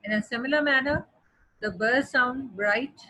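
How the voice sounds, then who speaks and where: Woman teacher, husky, higher pitched, patient, repeats and slows down on examples. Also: a bit bright, poor audio. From Pakistan. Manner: explaining patiently with repetition, slowing to spell out words. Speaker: English teacher. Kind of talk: classroom lesson.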